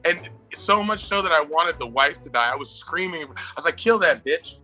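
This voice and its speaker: A man chatting on a podcast with friends, swearing freely and breaking into laughter as he tells the story. His voice sits a touch high and sounds very bright, with faint music in the background. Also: normal speed. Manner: profane, excitable, laughs often while telling. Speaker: movie review podcast co-host. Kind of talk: casual chat.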